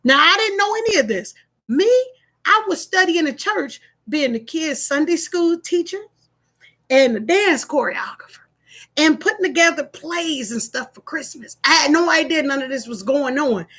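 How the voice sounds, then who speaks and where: Emphatic high-voiced woman telling a story. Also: animated, normal speed, a bit bright. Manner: emphatic, repeats herself, acts out both sides of a phone call. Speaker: vlogger telling a personal story. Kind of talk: casual storytelling to viewers.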